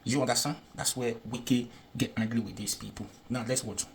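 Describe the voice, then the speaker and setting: Nigerian man, casual video commentary, repetitive, chatty, medium pitch, faint background noise. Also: fairly even intonation, brisk, vocal fry. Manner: chatty, repetitive, asks "you understand?". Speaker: YouTube political commentator.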